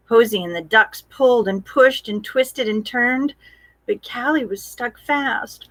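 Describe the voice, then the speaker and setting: A woman reading a picture book aloud to children, gentle and expressive, asking the children questions. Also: on the high side, measured pace. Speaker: storytime reader.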